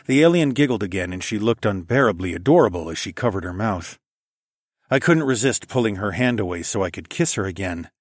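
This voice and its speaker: Low-voiced man narrating softly. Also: no room sound, studio quality. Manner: soft, intimate, often hushed. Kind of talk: erotic audiobook narration.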